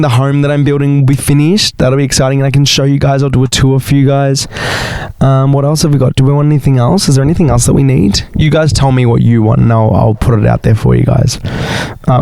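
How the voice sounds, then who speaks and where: A young man talks straight to his listeners on a solo podcast, excitable and animated, swearing as he tells his stories. His voice is gravelly with vocal fry and sits at an average pitch. The recording is close and dry. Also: no room sound. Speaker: podcast host. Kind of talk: casual solo podcast monologue.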